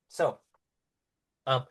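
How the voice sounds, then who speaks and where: A man narrating as game master, in a casual style with frequent laughs and fillers. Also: fairly bright tone.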